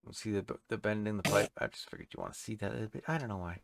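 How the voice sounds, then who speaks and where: Talking very fast in a low, gravelly voice, a streamer offers casual, meandering commentary on a building game and chats with the creatures in it. The recording has loud background noise.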